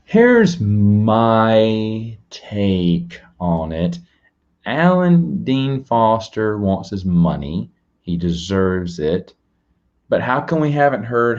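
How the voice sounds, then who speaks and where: Man host, low voice, chatty and rambling, dull lo-fi stream audio. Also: lively intonation, moderate pace, darkish tone. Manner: rambling, repeats words and restarts; chats to viewers and reads out donations. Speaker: live-stream show host. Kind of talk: casual live-stream chat.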